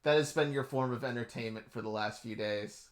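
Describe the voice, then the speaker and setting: A man's voice: mid-range voice, fairly quick. A man narrating as game master of a tabletop game, casually describing scenes.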